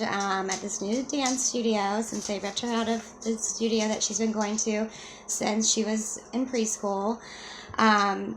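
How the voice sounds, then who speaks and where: A woman's voice: mid-range voice, a little hiss or hum. A mother telling an upsetting personal story to the camera in a rambling, casual way, with many fillers and restarts.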